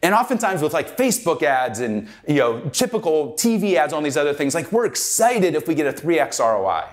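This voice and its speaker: A middle-aged man giving a keynote talk, telling a story in an animated, conversational way with lots of "like". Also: a little high, a little fast. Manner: animated, conversational, heavy use of "like". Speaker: keynote speaker.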